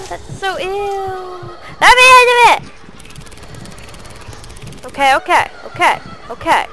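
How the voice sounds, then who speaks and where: A woman giving loud, profane gameplay commentary, yelling at her character. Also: very high-pitched, low-quality recording. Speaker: let's play gamer.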